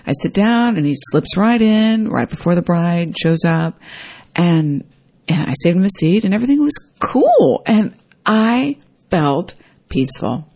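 A woman's voice: unhurried, slightly rough. A woman telling a personal story in a casual, reflective way, acting out what people said with sudden jumps in her voice. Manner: animated, acts out quoted dialogue with big pitch jumps.

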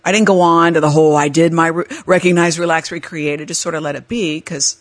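A woman hosting a podcast, telling a personal story in a chatty, animated way and laughing as she talks. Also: a little fast. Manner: animated, jumps into high-pitched voices when reenacting her panic; chatty, laughs while talking. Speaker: podcast host.

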